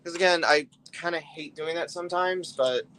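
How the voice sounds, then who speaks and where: Chatty man with a slightly high voice. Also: moderate pace, fairly bright tone, slight background noise. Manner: rambling, loose and talkative, often trailing off. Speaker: live streamer building a brick set. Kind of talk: casual live-stream chat.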